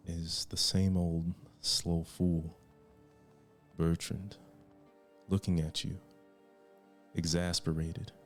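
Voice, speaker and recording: Deep-voiced man running a tabletop game. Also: a little mellow. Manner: halting, with many fillers and restarts, drawn-out descriptions. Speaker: game master.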